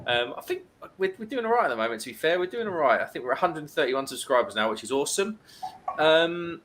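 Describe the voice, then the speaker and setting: A man's voice: fairly high pitch, big pitch swings, fast, a bit bright, slight background noise. A man hosting a casual live stream, chattily reading out viewer comments and greeting people.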